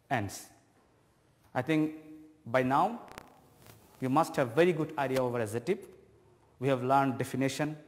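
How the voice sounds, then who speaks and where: A man with a Bangladeshi accent teaching an English grammar lesson on TV, explaining slowly and deliberately to students. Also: medium pitch, long reverb tail. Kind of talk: televised classroom lesson. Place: TV studio classroom.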